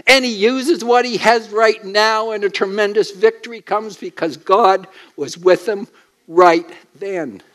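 A man's voice: high voice, a little slow, a bit bright. A man preaching a sermon in an emphatic way, asking the listeners questions as he goes.

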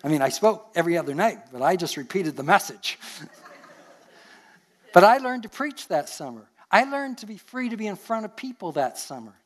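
A man's voice: high-pitched, sing-song, moderate pace. An older man with a Canadian accent, a pastor preaching a sermon and telling stories from his life in an earnest way, chuckling at himself now and then.

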